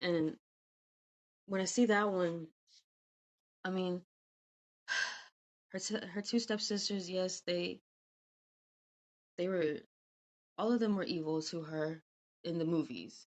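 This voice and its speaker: A woman's voice: fairly low pitch, slow, pauses often. A woman who hosts a podcast, reading a storybook tale aloud and then chatting about it in a gushing, chatty way with frequent laughter. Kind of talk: storybook reading and casual chat.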